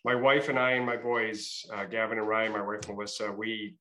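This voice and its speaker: A man's voice: lowish voice, level tone, moderate pace, reverberant, crowd noise, rough recording. A middle-aged man with a Massachusetts and Rhode Island accent, a state trooper telling his story in a casual interview with many fillers and restarts.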